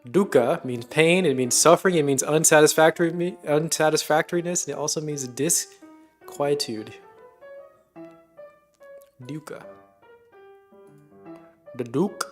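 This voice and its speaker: Casual streamer musing to himself. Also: male voice, on the high side, moderate pace, soft background music. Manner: musing, chuckling, talks to himself. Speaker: streamer reacting to videos. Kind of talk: casual live-stream commentary.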